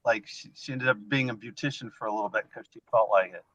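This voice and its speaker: A man's voice: lowish voice, fast, a bit bright, dry recording, highs cut off. A man chatting as a guest on a livestream in a brief, matter-of-fact way. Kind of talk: casual chat.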